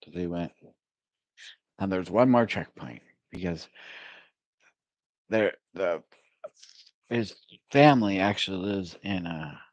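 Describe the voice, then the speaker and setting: Deep-voiced man rambling through a story. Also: animated, no echo, highs cut off. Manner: rambling, halting, with many fillers and chuckles. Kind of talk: telling a personal faith story.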